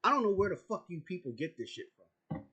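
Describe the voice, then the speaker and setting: A man with a fairly high voice rants straight at the camera, combative and profane. He hammers the same points again and again. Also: sing-song, fairly quick, sharp tone, husky, highs cut off. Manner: profane, confrontational, repeats himself. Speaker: YouTuber. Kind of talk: angry political rant to camera.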